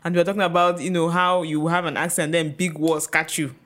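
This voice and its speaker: A woman's voice: on the low side, fairly even intonation, fairly quick, fairly bright tone. A woman from Nigeria co-hosting a casual podcast. She chats freely and keeps agreeing with short murmurs. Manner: chatty, agreeing often with short backchannels. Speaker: podcast co-host. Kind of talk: casual chat.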